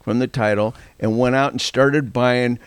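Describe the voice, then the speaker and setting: An older man telling a long story in a casual, animated way, acting out the voices of the people he quotes and laughing often. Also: medium pitch, a little slow, clean tone, no echo.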